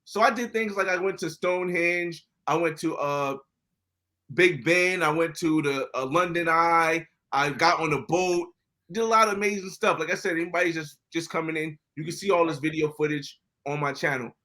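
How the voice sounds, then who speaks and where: An American man, a podcast guest, telling travel stories in a casual, animated way, often acting out other people's lines. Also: a little high, moderate pace. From United States. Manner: animated, acts out quoted dialogue. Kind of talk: casual storytelling interview.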